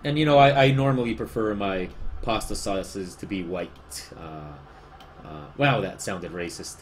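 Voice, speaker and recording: Spanish accent guy streaming, kinda low voice, rambly and self-deprecating, reads chat out loud. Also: a little slow, slight background noise. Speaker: livestreaming artist. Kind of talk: casual livestream chat.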